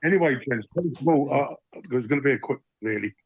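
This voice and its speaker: A man's voice: mid-range voice, lively intonation, fairly quick, husky, dry recording, lo-fi sound. A man calling into a live fan show, talking in a rambling, frank way and swearing freely. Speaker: caller. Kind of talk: phone-in chat.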